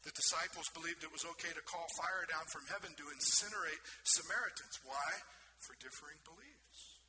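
A man's voice: fairly high pitch, fast talker. A man preaching a sermon in an earnest way, putting questions to his listeners. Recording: noticeable background noise.

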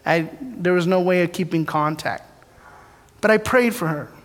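A man with a high-sitting voice speaks at normal speed, preaching a testimony in a church sanctuary with a large hall's long echo. He's candid and self-deprecating throughout, acting out the dialogue in his story along with his prayers.

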